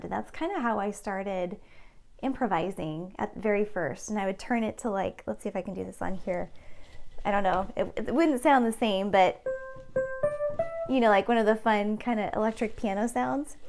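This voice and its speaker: A woman's voice: mid-range voice, normal speed, darkish tone. A woman hosting a casual live stream from her piano studio, chatting with viewers and reading their comments aloud. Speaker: host.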